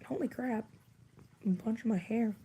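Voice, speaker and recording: A woman's voice: on the high side, normal speed, dark tone, slight background noise. A woman chatting casually on a livestream, rambling and wry with plenty of fillers, while coming down with a cold.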